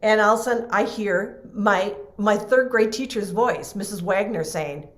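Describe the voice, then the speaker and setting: A middle-aged woman, a podcast guest and trainer, telling a personal story in a lively way and acting out the people she quotes. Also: medium pitch, normal speed. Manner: animated, acts out quoted voices, laughs often. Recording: roomy echo.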